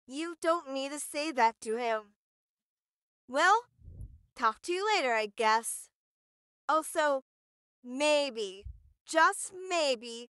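Lady doing a sly flirty neighbor gal, smooth clear voice, dry sound. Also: sits high, pushed and bright, dry recording, exaggerated voice. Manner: teasing, sly warnings. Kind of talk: listener role-play.

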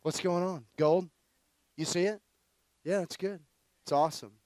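High-voiced man preaching in a story. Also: moderate pace, dry recording. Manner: loose, slangy, energetic storytelling with many fillers. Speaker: conference preacher. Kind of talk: storytelling sermon.

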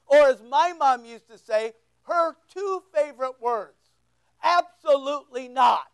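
Orta yaşlı erkek vaiz, tiz sesli, kilisede sohbet havasında vaaz veriyor. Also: male voice, very high-pitched, lively intonation, a little slow, poor audio. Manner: conversational, repeats words, asks the room questions. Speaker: pastor. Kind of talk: sermon. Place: church.

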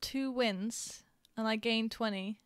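A woman's voice: on the high side, takes it slowly, smooth, no room sound, studio quality. Chatty giggly young woman streamer. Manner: chatty, giggly, storytelling with many fillers. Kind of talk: casual chat while gaming.

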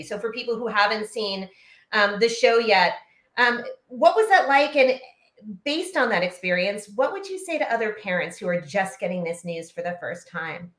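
A woman's voice: mid-range voice, a bit bright. A woman hosting a live interview, asking questions in a conversational way with many fillers. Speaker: host. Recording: roomy echo.

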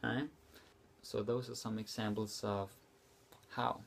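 A young man teaching a language lesson, repeating example phrases slowly and explaining them casually. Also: on the low side, little pitch movement, vocal fry, a little hiss or hum.

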